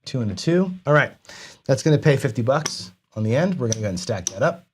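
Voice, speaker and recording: A man's voice: mid-range voice, expressive, quick pace, breathy edge. Chatty man commentating a dice session. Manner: chatty, self-correcting, repeats words for emphasis. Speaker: craps channel host. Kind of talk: casual livestream commentary on a dice game.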